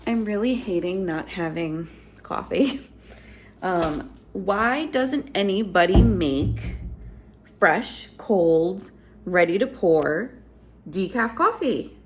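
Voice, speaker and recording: Chatty woman with a gravelly voice. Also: on the low side, a little hiss or hum, rough recording. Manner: chatty, rambling, talks straight to viewers. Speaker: lifestyle vlogger and mother. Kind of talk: casual vlog chat to camera.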